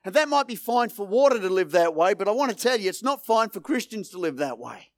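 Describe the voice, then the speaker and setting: A male pastor preaches with emphatic, repeated rhetorical lines that build in intensity. His voice sits high for a man. The sound is close and dry, with no room echo. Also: big pitch swings, brisk. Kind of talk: sermon.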